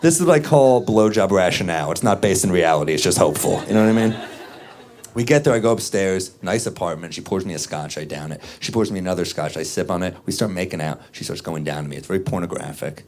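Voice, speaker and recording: A man doing a stand-up comedy set, telling stories in a deadpan way and acting out the quotes. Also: low voice, fast. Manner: deadpan storytelling with acted quotes. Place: comedy club stage. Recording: live club set, loud crowd laughter. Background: audience laughing.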